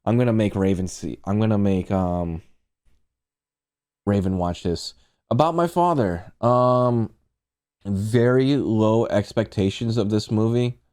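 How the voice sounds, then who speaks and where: Laid-back guy rambling through movie reviews on stream, swears a lot, mellow low voice. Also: a little slow, clear, resonant tone. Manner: rambling and profane, talks to chat. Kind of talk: casual stream chat.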